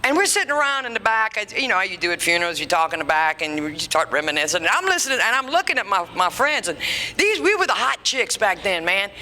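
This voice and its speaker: A woman's voice: medium pitch, pushed and bright. A woman, telling bawdy stories in a stand-up comedy set on a club stage. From Louisiana. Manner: brassy, bawdy storytelling. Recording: live club recording with reverb and room noise.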